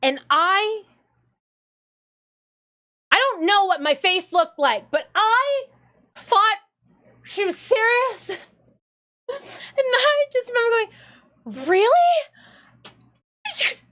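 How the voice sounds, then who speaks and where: High-voiced woman from michigan on a live stream, giggly and excitable, telling stories and laughing a lot. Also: slow pace, pauses often. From Michigan, USA. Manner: giggly, excitable storyteller, often breaking into laughter. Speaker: streamer and cosplayer. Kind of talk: casual live-stream chat.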